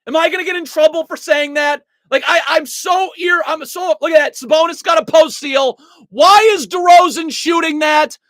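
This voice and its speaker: A basketball analyst giving an angry, exasperated play-by-play breakdown of game film, shouting and cursing, at times breaking into helpless laughter. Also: high-pitched, moderate pace, dry recording.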